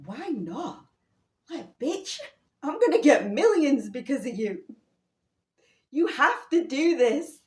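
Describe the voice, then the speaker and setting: A woman's voice: sits high, sing-song, slow, long pauses, pitched above the performer's own voice, heavily acted. A woman mimicking a pushy young man in a sneering, insistent way.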